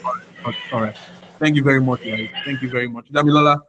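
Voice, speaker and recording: A man teaching a live online class, encouraging and loose, filling pauses with "um" and "you know". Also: medium pitch, fairly even intonation, very noisy. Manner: encouraging, uses many fillers and "you know". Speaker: product management instructor.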